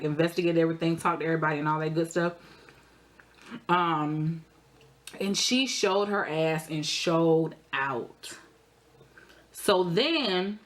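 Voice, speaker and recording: A young adult woman, telling a story in a casual, animated way while eating, her voice jumping high for emphasis. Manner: animated, expressive storytelling with sudden high jumps in pitch. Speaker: vlogger.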